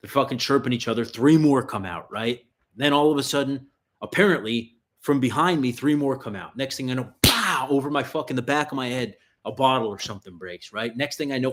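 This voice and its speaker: A man's voice: mid-range voice, moderate pace. Foul-mouthed man telling street stories. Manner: profane, rambling street-story telling. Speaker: self-defense channel host. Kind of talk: casual livestream storytelling.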